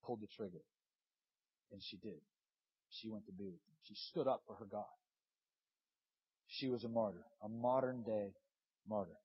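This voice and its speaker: Husky impassioned male preacher in his thirties. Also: lowish voice, moderate pace, long pauses, highs cut off. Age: 30s. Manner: impassioned, swings from loud urging to hushed. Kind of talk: sermon.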